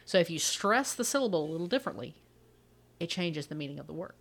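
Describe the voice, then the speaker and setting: Woman, young adult, podcast co-host; lowish voice, animated and rambling, lots of restarts. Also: quick pace. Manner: rambling, animated, laughs often, frequent restarts. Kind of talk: casual chat.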